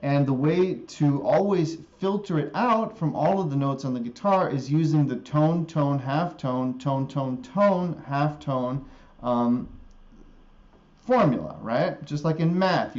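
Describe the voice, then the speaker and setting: A man teaching guitar music theory in a live stream, slowly repeating a scale formula and often checking in with an "okay?". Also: medium pitch, darkish tone, lo-fi sound. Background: guitar playing.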